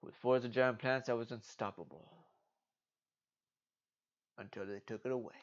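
Late at night, a drowsy man hosts a casual card game vlog, musing aloud to himself while browsing in a playful, wandering way. He talks at a normal speed in a steady, mid-range voice, recorded in dull lo-fi.

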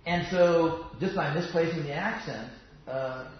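A man gives a relaxed, wandering lecture on yoga philosophy, trailing off into asides and restarting his sentences. His voice sits in a middle pitch. The recording is roomy and a little muffled, as if taken in a classroom. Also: unhurried. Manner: chatty, digressive, many fillers and restarts. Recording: roomy, dull sound.

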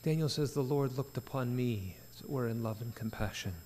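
A male pastor preaches with earnest, emphatic rises. His voice sits at a middle pitch. Long reverb from the church sanctuary trails each phrase. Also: brisk, mellow, slight background noise. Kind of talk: sermon at a prayer meeting.

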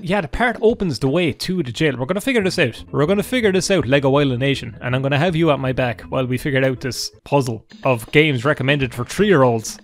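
A man in his twenties with an Irish accent, giving sarcastic, profane let's-play commentary over game music. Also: fairly high pitch. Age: 20s. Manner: sarcastic, profane, deadpan jokes. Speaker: gaming YouTuber.

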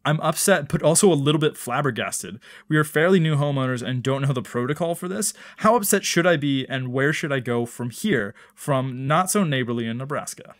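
A man's voice: mid-range voice, expressive, fairly quick, few pauses. A young man co-hosting a comedy advice podcast, reading listener letters and joking around with plenty of swearing. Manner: jokey, reads listener letters, profane. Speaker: podcast co-host.

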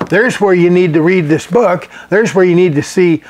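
A man's voice: sits high, normal speed, a little mellow. A middle-aged male pastor teaching a sermon in a folksy, conversational way, chuckling and restarting his sentences.

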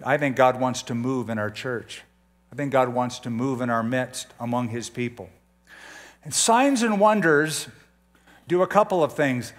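A man's voice: medium pitch, unhurried. An older man preaching a conversational sermon as a pastor, often putting questions to his listeners.

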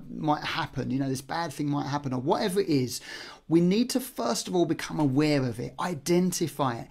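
Gravelly-voiced man coaching viewers. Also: a little high, a little mellow. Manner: conversational, asks the viewer rhetorical questions. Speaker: personal development coach. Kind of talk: casual motivational live-stream talk.

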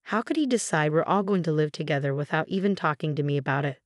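A woman in her twenties giving a scripted first-person story narration, read in a steady, even way. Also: low voice, fast talker, dry recording, studio quality. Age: 20s.

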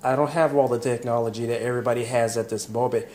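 A man's voice: medium pitch, steady tone, quick pace. A man with a Southern US accent, cooking at home in his kitchen and chatting in a rambling, joking way, recorded on a handheld phone. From Southern United States. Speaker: home cook vlogger. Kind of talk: casual cooking vlog. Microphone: handheld phone camera. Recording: loud sizzling pan noise.

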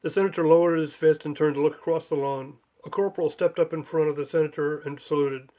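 A man narrating his own book as an audiobook, in an even, measured reading. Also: on the high side.

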